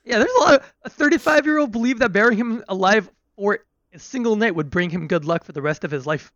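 A man co-hosting a casual podcast chat, reading out facts with halting restarts. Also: high-pitched, expressive, fairly bright tone, no room sound, dull audio. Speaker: podcast co-host.

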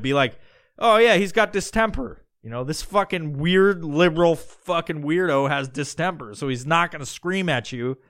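A podcast host from Long Island with a slight New York accent, ranting and swearing constantly as he mocks people in loud put-on voices. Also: medium pitch. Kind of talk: profane comedic rant.

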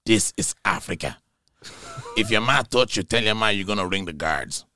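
A man voicing a brash, reckless teenage Irish boy who shouts in disbelief. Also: lowish voice, animated, moderate pace. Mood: incredulous. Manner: shouting, incredulous.

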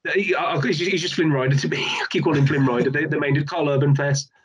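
A man in a casual film chat, rambling with lots of restarts and fillers, getting animated. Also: fairly high pitch, very fast, a crowd in the background.

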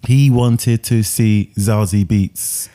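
A man's voice: fairly low pitch, steady tone, slow pace, dark tone. A man co-hosting a film podcast in casual chat, joking and laughing often. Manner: laughs often, loose and jokey. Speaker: podcast co-host. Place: London.

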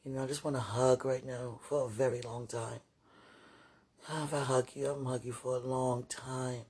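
A woman with a husky, breathy voice speaks tenderly to someone she loves, halting and trailing off into murmurs. Her talk is intimate and prayerful, soft and unguarded. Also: a bass voice, fairly even intonation. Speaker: partner speaking to a loved one. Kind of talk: intimate emotional monologue with prayer.

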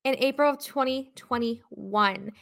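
A woman co-hosting a podcast in a casual chat, chatty and animated, laughing often and quick to apologize. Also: fairly high pitch, gravelly. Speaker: podcast co-host.

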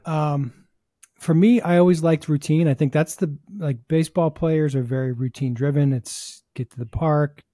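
A man's voice: on the high side, fairly even intonation, moderate pace, mellow, no echo, clean studio sound. A man hosting a baseball podcast, talking through ideas in a thoughtful, rambling casual chat. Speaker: host, hitting coach.

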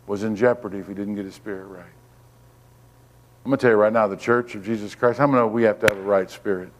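Fervent preacher man in a reverberant hall. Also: on the low side. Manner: fervent, repetitive, calls for congregation response. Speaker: guest preacher. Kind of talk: sermon. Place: church.

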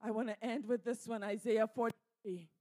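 A woman's voice: a little high, steady tone, normal speed, dark tone. A woman pastor leading a fervent prayer, declaring and repeating lines with growing force. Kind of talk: sermon prayer.

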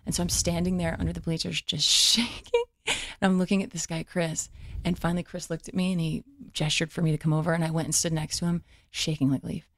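A woman guest comedian telling a story in casual conversation, lively, acting out other people's quoted lines amid fillers and false starts. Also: fairly low pitch, no echo, clean studio sound. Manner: lively, acts out what others said in quick quoted voices.

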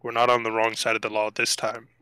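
Laid-back man player, crisp bright tone, deadpan delivery. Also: fairly low pitch, fast talker. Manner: dry, terse, laid-back. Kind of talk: playing a detective in a tabletop game.

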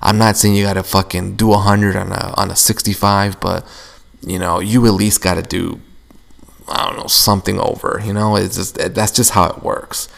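A young man hosts a casual solo podcast, rambling along and venting with plenty of swearing. His fairly low voice is thick with gravelly fry. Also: level tone, normal speed, fairly bright tone. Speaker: podcast host.

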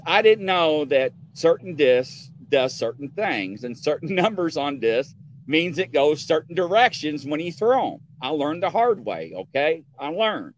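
A man tells a story in a casual chat with a voice on the higher side, and his pitch swings widely as he acts out what each person said. He keeps checking in with his listeners with a quick "okay?". The sound is dry and close. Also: dry recording.

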